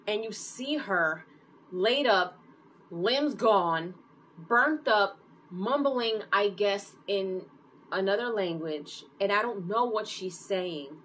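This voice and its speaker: A woman giving a casual, animated recap of a TV episode, full of fillers and open emotional reactions. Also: mid-range voice, slow pace, breathy edge, low-quality recording. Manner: animated storytelling with many fillers. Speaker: TV series reviewer.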